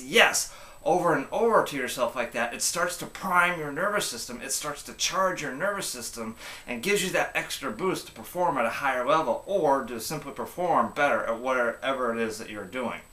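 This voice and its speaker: A man's voice: mid-range voice, lively intonation, brisk, bright, forceful tone, reverberant. A man coaching viewers in a motivational tip video, speaking emphatically and repeating key phrases.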